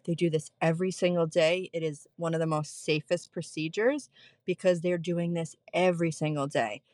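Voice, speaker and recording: A woman's voice: lowish voice, normal speed, dry recording. Candid woman nurse telling her story. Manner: candid, animated storytelling with laughs. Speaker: podcast guest, postpartum nurse. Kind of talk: casual chat, telling a birth story.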